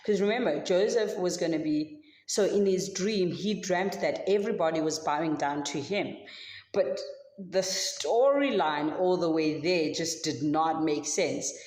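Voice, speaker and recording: Lady telling a bible story to kids, chatty with lots of "like", lowish voice, big echoey hall. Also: unhurried, a little mellow. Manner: casual storytelling, many filler likes. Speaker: Sunday school teacher. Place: church hall.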